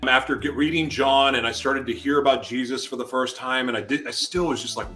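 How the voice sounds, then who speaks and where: A man as an interview guest, telling a personal testimony in an animated way and acting out his own shouted words. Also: mid-range voice, brisk, faint music behind.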